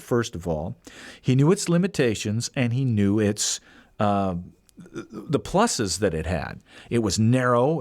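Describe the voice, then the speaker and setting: A man hosting a podcast, telling a casual story in an animated way and acting out the voices he quotes. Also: medium pitch, no room sound, clean studio sound. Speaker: podcast host.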